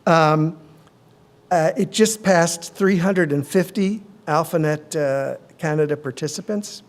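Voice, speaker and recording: A middle-aged male physician giving a conference presentation, measured, with frequent ums and uhs. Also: fairly high pitch.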